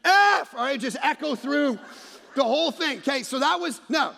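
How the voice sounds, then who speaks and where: Brief: male pastor, high gravelly voice, punchy comic delivery, big reverberant church hall. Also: moderate pace. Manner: animated storytelling, shouts punchlines, mocks accents softly. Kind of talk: energetic comedic sermon. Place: large church auditorium.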